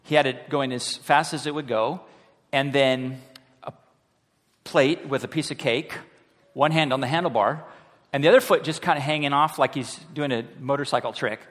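A man, a high school pastor, preaching a sermon as an animated story, acting out the voices of the people he quotes. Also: moderate pace. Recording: long hall reverb.

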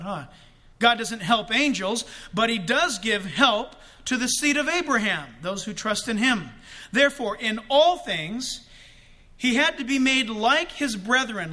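A male pastor preaching a sermon, slowing down dramatically to stress key words and rising with emphasis. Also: very high voice, sharp tone.

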